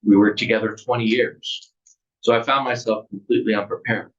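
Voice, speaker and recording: A man's voice: lowish voice, fairly even intonation, a little fast. A man, an author, reading aloud from his memoir in an earnest, plain way, with casual asides. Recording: distant, muffled recording.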